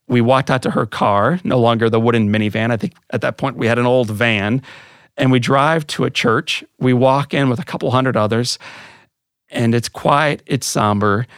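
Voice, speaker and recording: A man's voice: medium pitch, clean tone, no echo, studio quality. A man hosts a podcast, telling a personal story in an earnest, emotional voice. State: voice thick with emotion. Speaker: podcast host.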